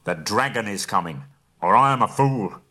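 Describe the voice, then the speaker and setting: A man voicing a grim, stern townsman archer in a storybook reading, speaking low and gloomy. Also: wildly swooping pitch, moderate pace, full character voice. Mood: alarmed. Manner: grim, low, turns to urgent shouts.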